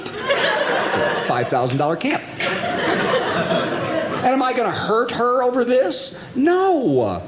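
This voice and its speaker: A man doing a stand-up comedy routine, animated storytelling with quoted voices. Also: very high-pitched, slow pace, pauses often. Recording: echoey live venue with loud background noise.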